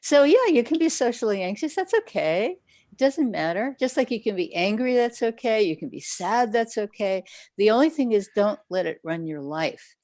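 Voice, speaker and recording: A woman's voice: medium pitch, lively intonation, normal speed, darkish tone, dry recording. A woman Zen teacher answering questions in a livestream talk, conversational, now and then acting out people's inner voices. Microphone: livestream setup.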